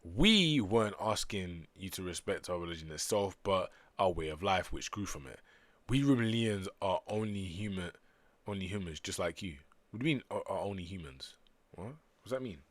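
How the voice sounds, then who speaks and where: Man, deep voice, lively pitch, dry close mic, reads comic lines aloud with quick reactions. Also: no room sound. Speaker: streamer reading manga aloud. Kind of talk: casual reading stream.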